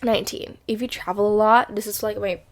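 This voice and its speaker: A woman's voice: medium pitch, steady tone, fairly quick. A woman in her twenties talking straight to camera in a chatty, upbeat vlog, often restarting her sentences. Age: 20s. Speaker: vlogger. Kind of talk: casual vlog monologue.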